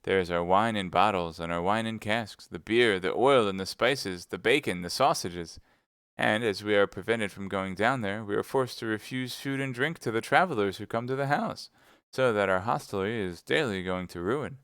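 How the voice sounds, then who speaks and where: A man's voice: on the low side, normal speed, fairly bright tone, clean tone, dry recording, studio quality. A man voicing a distraught middle-aged innkeeper in a read-aloud storybook, pleading and aggrieved.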